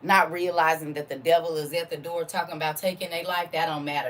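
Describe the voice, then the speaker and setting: A woman's voice: sits low, steady tone, quick pace, a little hiss or hum. Fervent woman preacher, distant mic. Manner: fervent, rhetorical questions, vernacular. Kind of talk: informal preaching to a congregation.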